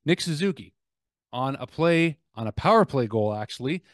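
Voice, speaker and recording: A young man giving an energetic, self-mocking casual recap of a hockey game as a vlogger. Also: mid-range voice, moderate pace, no echo, clean studio sound.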